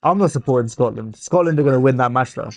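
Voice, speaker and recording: A young man with an English accent hosting a casual football watchalong stream, teasing viewers and thinking out loud. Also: mid-range voice, fast talker, no echo.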